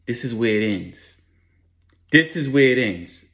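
A man's voice: medium pitch, expressive, moderate pace, lightly acted. A man voicing a commanding male street boss who gives firm, blunt orders. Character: commanding male drug boss protecting his family.

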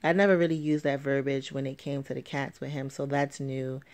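At home at night with a sleeping baby, a young woman vlogs casually in an extremely low, steady, slightly mellow voice at a fairly quick pace. Her talk rambles chattily with many fillers.

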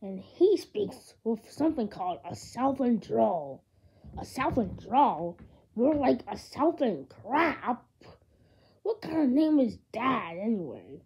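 A woman voicing a whiny, spiteful young bear, ranting in a sneering, drawn-out way on a dull lo-fi home recording. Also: a little high, big pitch swings, a little mellow, husky, exaggerated voice. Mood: scornful. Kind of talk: amateur grounded-video voice acting.

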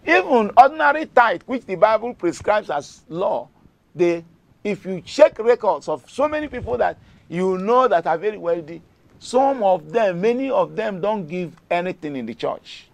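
A middle-aged Nigerian man preaching a devotional sermon with a high, gravelly voice. His pitch swings widely as he drives points home, repeating key phrases for emphasis. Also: big pitch swings, normal speed, no room sound.

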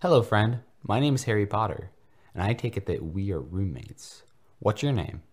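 Guy putting on a high-voiced innocent little schoolboy, all wide-eyed delight, comedy fanfic reading. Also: sing-song, normal speed, a little mellow, slightly rough. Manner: exclaims delightedly, stammers shyly. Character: eager, innocent young boy, new at school.

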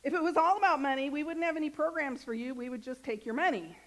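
Woman, minister, high-pitched voice, chatty joking sermon, questions to the congregation. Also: fast talker, rough recording. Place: church sanctuary.

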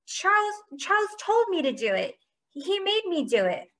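A woman's voice: very high-pitched, big pitch swings, moderate pace, fairly bright tone, voice pushed up, full character voice. A woman voicing a whiny, sneaky boy who sputters and whines when caught. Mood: whining. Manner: whining, sputtering.

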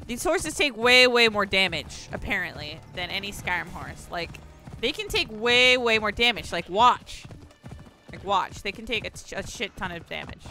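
High, lively woman streamer, swears a lot. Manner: profane, excitable, laughs often. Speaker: game streamer. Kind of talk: live gameplay commentary.

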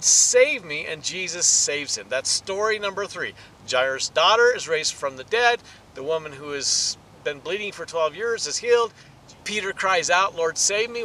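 A man preaching a sermon with a high, bright voice that climbs for emphasis. He teaches in an animated way. Faint traffic noise sits in the background. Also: low-quality recording. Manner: animated, rises in pitch and volume for emphasis. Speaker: pastor.

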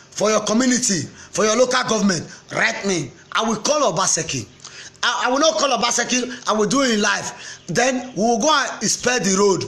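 Man, Nigerian accent, high voice, impassioned political rant, preachy and repetitive. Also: fairly bright tone. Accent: Nigerian, Pidgin-inflected. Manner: preachy, repetitive, mixes Pidgin and English, breaks into chant. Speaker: political commentator.

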